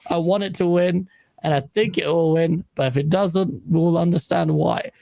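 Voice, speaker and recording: A man hosting a casual gaming livestream panel, voice gone hoarse, blunt and swearing, laughing often and reading out super chats. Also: on the high side, steady tone, normal speed, dark tone, no echo. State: lost voice. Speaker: livestream host.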